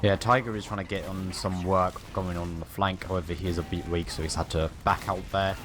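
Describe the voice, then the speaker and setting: Low-voiced joking esports caster. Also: male voice, fairly even intonation, a little fast, over music. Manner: joking, teasing play-by-play. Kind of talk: live game commentary.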